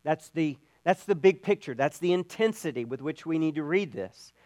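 A man's voice: fairly high pitch, animated, normal speed, darkish tone, no echo. A man preaching a sermon in an earnest way, often repeating words as he builds a point. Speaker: pastor.

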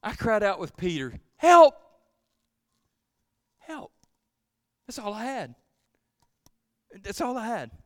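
A male pastor preaching a sermon, swinging from loud pleading to hushed, almost whispered lines. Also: sits high, big pitch swings, moderate pace, pauses often, dry recording, studio quality.

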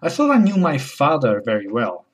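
A man delivering a wry, deadpan comedy monologue as host. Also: medium pitch, moderate pace. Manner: deadpan, wry, switching into mocking voices.

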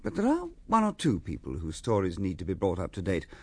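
A man narrating a radio drama as a measured storyteller. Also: low voice, huge pitch swings, mellow, slightly rough, dry recording. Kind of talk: scripted narration.

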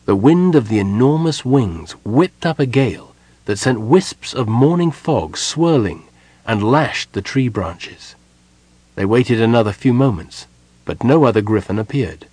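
Low, husky male audiobook narrator. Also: darkish tone, dry recording. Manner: measured storytelling delivery. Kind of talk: scripted narration.

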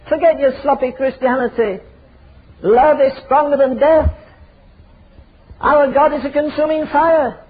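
A man's voice: very high voice, a little slow, long pauses, a little hiss or hum. An older man preaching a fiery, emphatic sermon full of rhetorical questions. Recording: tinny phone-like sermon recording.

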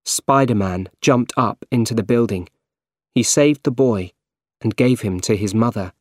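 A man reading a simple storybook aloud in slow, clear, carefully paced narration. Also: on the low side, a little mellow, no echo, clean studio sound. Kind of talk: scripted narration of a graded reader story.

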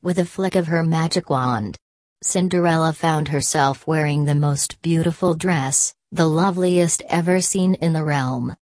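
A woman narrating a fairy tale as a storybook reading, measured and expressive. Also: low-pitched, no room sound.

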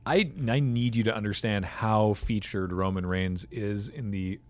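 Dry-voiced man recapping wrestling, animated. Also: on the low side, a little slow, dry recording. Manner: animated storyteller acting out quotes. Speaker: podcast co-host. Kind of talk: casual chat recapping wrestling.

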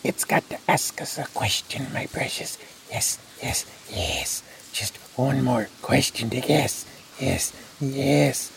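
Man as wretched greedy cave creature; hissing, gravelly, drawn-out whisper, read-aloud storybook. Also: mid-range voice, pitched above the performer's own voice. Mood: wheedling. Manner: wheedling, repeats himself.

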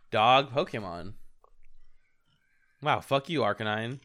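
A man with a bright, forward voice chatting casually as a podcast co-host. He is playful and teasing, and he cracks himself up with his own jokes. His pitch sits in the middle for a man. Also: animated, moderate pace.

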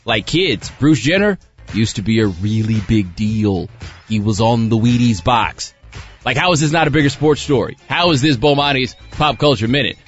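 A man's voice: medium pitch, moderate pace, muffled recording, soft background music. A man delivering a pop culture commentary segment on sports radio, ranting and firing rhetorical questions. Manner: animated rant with rhetorical questions. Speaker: radio show contributor.

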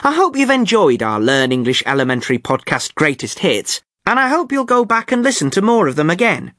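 A man hosting an English-learning podcast, speaking clearly in an amused, teacherly way. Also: sits high, sing-song, a little fast, fairly bright tone, no room sound, studio quality. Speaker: podcast host.

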